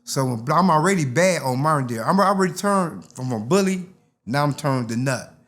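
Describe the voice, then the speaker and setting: A man's voice: fairly high pitch, lively intonation, brisk, a bit bright. An older man, telling stories from his youth in a casual interview and acting out the voices. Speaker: interview guest.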